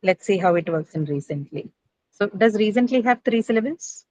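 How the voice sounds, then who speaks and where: A woman teaches an English class about syllables and word stress, speaking in a classroom. She keeps checking in with her students with "right?" and fills pauses with "uh". Her voice sits at a middle pitch. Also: animated, darkish tone, no room sound, low-quality recording.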